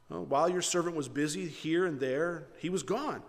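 A man's voice: fairly high pitch, normal speed, hardly any pauses, in a large hall. A man preaching a sermon, reading scripture and retelling it by acting out the characters' lines in his own words. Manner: animated, acts out characters' lines in paraphrase. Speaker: pastor.

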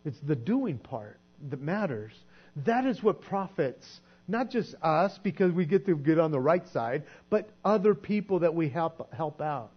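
A man preaching a sermon in a conversational way, sometimes acting out quoted voices and dropping to a soft hush. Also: on the high side, big pitch swings, a little slow, husky. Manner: conversational, acts out quoted voices, drops to soft hushed tones. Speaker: pastor. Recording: dull lo-fi sound with mains hum.

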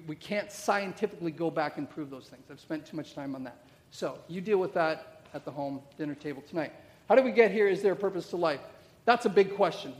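This sermon comes from a middle-aged pastor whose high voice echoes away into a long hall reverb. His delivery is relaxed and conversational, stacking up rhetorical questions and dropping in brief "okay?" check-ins.

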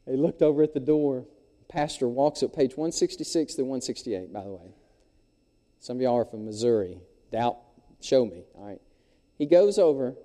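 A man, preaching a sermon in a folksy, animated storytelling way. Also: medium pitch, long reverb tail. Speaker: pastor. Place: church sanctuary.

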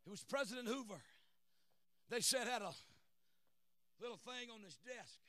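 A middle-aged man preaching a sermon, shouting and chanting, calling for amens from the congregation. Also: very high-pitched, moderate pace, long pauses, dry recording.

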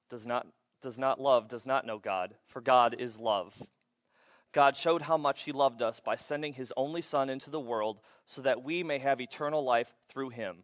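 A man preaching a sermon as pastor, playful and animated, acting out little scenes for the congregation. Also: mid-range voice, dry recording, highs cut off.

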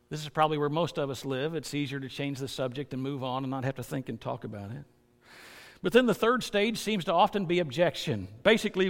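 A man preaching a sermon as pastor, earnest and building to loud, emphatic stresses. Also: a little high, in a large hall.

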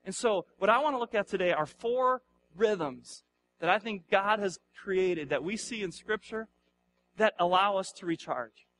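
A high-pitched man in his thirties preaching to a congregation in an easy, talky way. He keeps it light, teasing his listeners and throwing questions out to the room. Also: expressive, moderate pace, a bit bright, faint music behind. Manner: conversational, playful, asks the audience questions. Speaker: pastor. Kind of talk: sermon. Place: church hall before a live audience.

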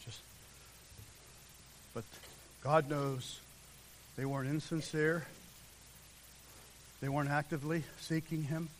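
A man preaches a sermon with fervent intensity, his voice sitting fairly high for a man. He swings between shouted peaks and hushed, near-whispered lines. A faint hiss runs under the recording. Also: steady tone, takes it slowly, pauses often. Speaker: pastor.

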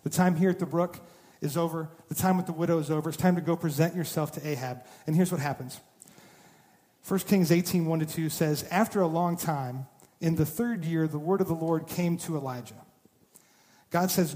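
A man preaching a sermon, telling the story with animated, dramatized quotes and touches of humor. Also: a little high, normal speed. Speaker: pastor. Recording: long hall reverb.

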